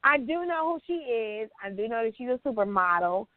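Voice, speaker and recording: A woman co-host talks through celebrity gossip in a loose, chatty way, laughing often. Her voice sits a little high. The sound is dry and tinny, like a phone line. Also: big pitch swings, a little fast, dry recording. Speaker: podcast co-host. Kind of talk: casual chat.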